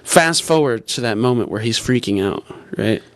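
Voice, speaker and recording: A man's voice: medium pitch, animated, normal speed. A man, a comedian guest, telling a long story casually, full of restarts and swearing. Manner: rambling with many restarts and swearing.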